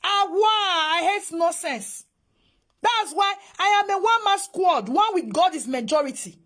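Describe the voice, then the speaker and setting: Nigerian woman commentator, very high and animated, exasperated ranting, Pidgin-English mix. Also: measured pace. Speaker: social media commentator. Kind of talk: reaction commentary.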